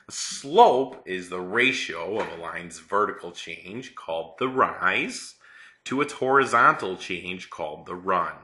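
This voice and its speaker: A man's voice: deep voice, animated, measured pace, sharp tone. A man teaching a math lesson in a chatty, playful way, acting out a story as he explains.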